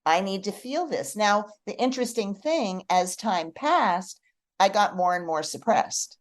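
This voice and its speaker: A middle-aged woman, a guest on a podcast, telling personal stories in a heartfelt, expressive way. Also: mid-range voice, a little slow. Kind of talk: casual podcast conversation.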